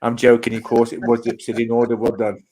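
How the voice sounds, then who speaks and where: A man's voice: mid-range voice, completely flat delivery, fast talker, warm tone, a little hiss or hum. Joking quiz host man. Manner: joking, teasing. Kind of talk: casual quiz chat.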